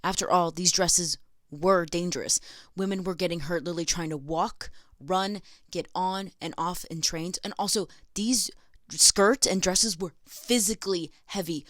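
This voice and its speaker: A woman's voice: on the low side, normal speed, no echo, studio quality. A young American woman hosting a casual educational vlog, sarcastic and chatty, laughing between lines. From United States. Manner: sarcastic, giggly, chatty asides. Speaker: video essay host.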